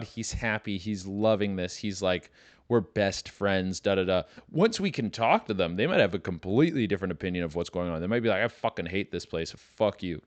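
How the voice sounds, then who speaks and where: A young man hosting a comedy podcast, ranting loosely with lots of swearing and quick put-on voices. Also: fairly low pitch, no room sound. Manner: loose, profane, riffing with mock voices. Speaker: podcast host. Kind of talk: casual comedic rant.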